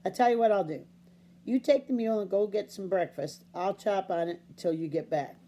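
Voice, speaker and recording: A woman voicing a gentle, calm farmer father in a storybook reading, speaking slowly and softly. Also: mid-range voice, natural voice. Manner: slow, calm and soft.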